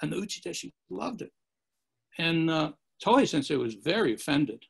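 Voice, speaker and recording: A gravelly man telling stories as a podcast guest, rambling from one anecdote to the next. His voice sits a little high for a man and has a husky grain, and he slips into the voices of the people he quotes. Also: big pitch swings, moderate pace. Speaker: interview guest. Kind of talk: storytelling in a podcast interview.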